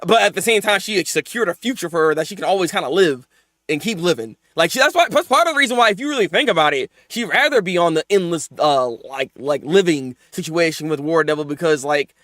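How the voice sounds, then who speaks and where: A man hosting a live manga reaction, talking in casual slang, often laughing and swinging between mumbled asides and loud excited outbursts. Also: on the high side, fast talker, no room sound, studio quality.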